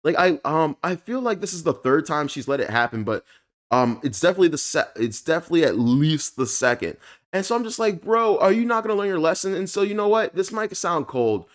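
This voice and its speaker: A man giving a casual, animated review, full of fillers and the odd curse when frustrated. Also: fairly high pitch, a little fast. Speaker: anime reviewer.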